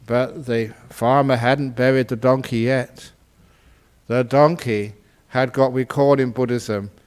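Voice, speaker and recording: A man, a Buddhist monk, telling a humorous teaching story in a playful way and laughing at his own jokes. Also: mid-range voice. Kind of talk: humorous storytelling dharma talk.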